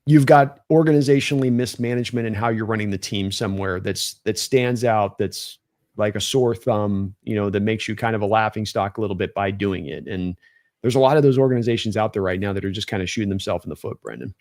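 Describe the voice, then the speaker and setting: A man's voice: fairly low pitch, fairly quick, darkish tone, dry recording, studio quality. A man co-hosting a casual sports talk stream, opinionated and rambling with restarts. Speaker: podcast co-host.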